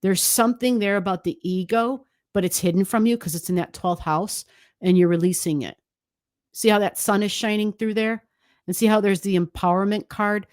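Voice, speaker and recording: A woman's voice: mid-range voice, darkish tone, dry recording. Chatty woman astrologer, dry sound. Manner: chatty, emphatic, many "right?" asides. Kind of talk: astrology forecast video.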